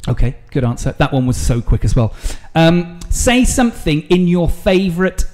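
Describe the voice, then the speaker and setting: Playful high-voiced man hosting. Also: sing-song, moderate pace, darkish tone. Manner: playful, laughs often, teasing. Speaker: podcast host. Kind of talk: casual quick-fire interview.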